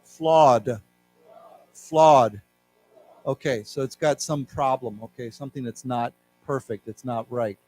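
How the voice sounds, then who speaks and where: A man's voice: medium pitch, fairly even intonation, normal speed, hardly any pauses, a little mellow, soft background music. A man teaching an English class in a library, explaining word meanings and leading learners in repeating words aloud. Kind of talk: live English lesson for learners. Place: library lecture room.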